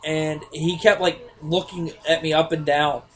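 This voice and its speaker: A young man co-hosting a casual podcast, telling profane stories with lively put-on voices. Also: fairly high pitch, measured pace, a little hiss or hum. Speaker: podcast co-host. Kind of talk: casual chat.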